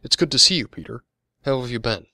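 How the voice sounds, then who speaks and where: A man's voice: on the low side, fairly even intonation, fast talker, sharp tone, no echo. A man voicing a nervous young woman who tries politely to keep a reunion peaceful. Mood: nervous, friendly.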